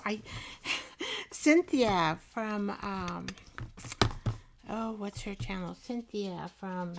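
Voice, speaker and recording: A woman's voice: medium pitch, noisy background. A woman hosting a live art show, chatting casually and rambling with viewers while she paints, often breaking into laughter. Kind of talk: casual live craft demo chat.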